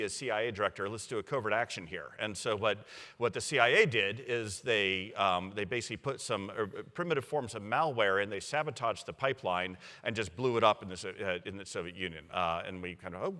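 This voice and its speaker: A man with a lowish, bright and forceful voice recounts history in lively, conversational fashion. He slips into the voices of the leaders he quotes and fills his speech with ums and you-knows. The sound carries a long hall reverb. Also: fast talker. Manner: animated storyteller, acts out quoted leaders, many fillers. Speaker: university provost, guest speaker. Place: symposium stage in a large hall.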